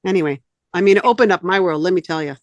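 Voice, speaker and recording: A middle-aged woman chatting in a group, telling lively stories and slipping into little sung bits. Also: lowish voice, quick pace, no room sound, dull audio. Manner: animated storyteller, breaks into sung snippets. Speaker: study group member. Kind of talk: casual group chat on a call.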